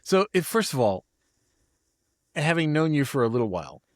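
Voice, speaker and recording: A man's voice: fairly high pitch, sing-song, normal speed, no echo, studio quality. A man hosting a podcast interview, who laughs often and repeats words as he talks. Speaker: podcast host. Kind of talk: casual interview.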